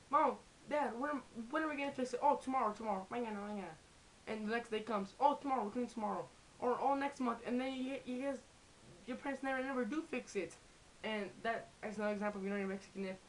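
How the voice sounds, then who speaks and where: A woman's voice: mid-range voice, a little hiss or hum, rough recording. A young woman in a casual comedy vlog, rambling and swearing with many restarts. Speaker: vlogger.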